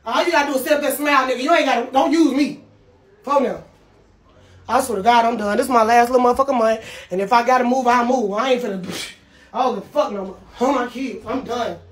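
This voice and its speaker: A woman's voice: on the high side, fast. A woman livestreamer ranting to her viewers, profane and heated. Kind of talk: livestream rant.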